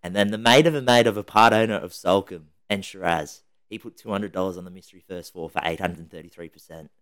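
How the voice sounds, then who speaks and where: A man's voice: low-pitched, quick pace, a bit bright, clear, resonant tone. An Australian man hosting a casual podcast chat, leading the topics and laughing often. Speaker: podcast host.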